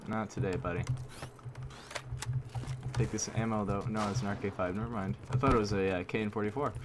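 A man giving live commentary over his own gameplay, excitable, repeating himself and using mild minced oaths. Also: lowish voice, fairly quick, noisy background. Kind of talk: live video game commentary. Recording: loud game gunfire under voice. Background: gunfire and shooting game sounds.

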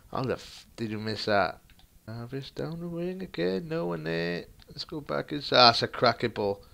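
A young man commentating his own football video game match, excitable and crude, muttering one moment and shouting the next. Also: mid-range voice, creaky. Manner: crude banter. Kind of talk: live gameplay commentary.

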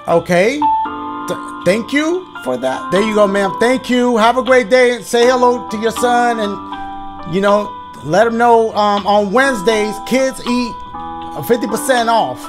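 High-voiced joking man playing a game. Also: measured pace, loud music behind the voice. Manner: joking, profane, reacts loudly to scares. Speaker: gaming YouTuber. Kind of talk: casual gameplay commentary.

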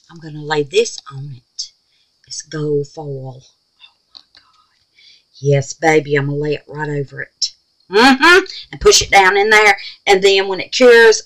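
Southern US woman, craft vlog host, lower register with a bright forward edge, folksy running chatter. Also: low-quality recording. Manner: folksy, calls viewers babies and honey, talks to herself as she works. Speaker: resin craft channel host.

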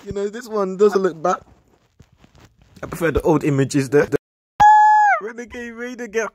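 A man reacting casually to pictures, repeating words, squealing high greetings and shouting refusals. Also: normal speed, very noisy. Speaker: YouTube reaction host.

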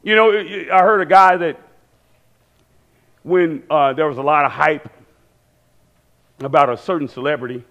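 A man preaching a sermon in a church, animated and conversational, acting out quoted voices and repeating phrases. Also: a little high, unhurried, pauses often, dull audio.

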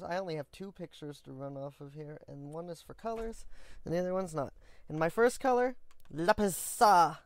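A man's voice: a little high, no echo, clean studio sound. A man hosting his own building game video, talking casually and goofily to viewers with rambling asides. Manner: chatty and goofy, rambling asides. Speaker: game building vlogger, host. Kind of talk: casual gameplay commentary.

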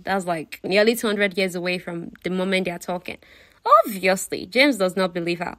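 A woman's voice: mid-range voice, normal speed, fairly bright tone, no echo, clean studio sound. A woman casually retelling a novel, chatty and full of fillers, often asking the listener questions. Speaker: book retelling narrator.

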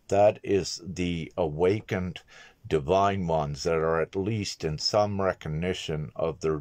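A man giving a spiritual teaching in a monologue video message. He speaks in a measured, halting way and pauses often on filler sounds. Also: extremely low pitch, darkish tone, no room sound.

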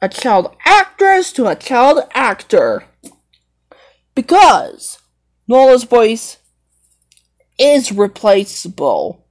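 A woman improvises a playful toy role-play at an unhurried pace. Her pitch leaps up and down as she plays. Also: big pitch swings, darkish tone. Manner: swings between squeaky high and low put-on voices.

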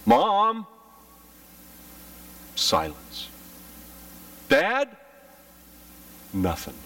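A man preaching a sermon as pastor, telling stories with lively, dramatic delivery and acted-out cries. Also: lowish voice, gravelly, distant mic. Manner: animated storytelling, acting out his childhood panic with shouts. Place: church.

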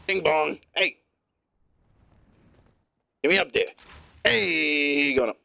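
A male streamer giving live gameplay commentary in a put-on gruff newsman voice, profane and playful. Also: a little high, extremely slow, sharp tone, no echo.

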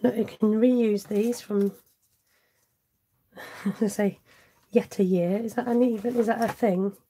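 A woman hosts a casual live cardmaking stream, her medium-pitched voice slow, mellow, and slightly breathy with fairly even intonation. She chats with viewers while working, reading out and answering their comments and making self-mocking asides.

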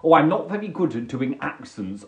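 A man chats through a live comedy stream from his sofa, camp and theatrical. His fairly high voice swoops wildly up and down, and the room around him rings with echo. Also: very animated, moderate pace. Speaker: comedy livestreamer. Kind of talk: chatty live comedy monologue. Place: home, on a sofa.

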